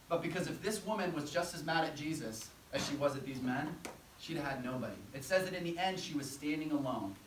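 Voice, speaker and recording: A man's voice: fairly high pitch, slight background noise. A young man preaching a sermon, earnest and conversational, acting out quotes as he goes. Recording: echoey room, from a distance.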